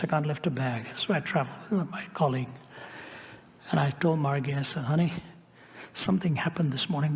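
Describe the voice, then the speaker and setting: A man's voice: fairly high pitch, a little hiss or hum. Man preaching in a reverberant hall. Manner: recounts dialogue, acting out quoted speech, with wry asides. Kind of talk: sermon storytelling.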